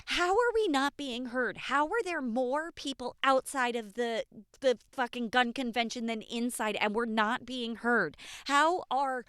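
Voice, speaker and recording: A woman speaks in a candid, impassioned podcast monologue and swears freely. Her voice sits a little high and sounds smooth and clear. The recording is close and dry. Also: measured pace, a bit bright, no room sound. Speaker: podcast host. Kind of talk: unscripted personal podcast monologue.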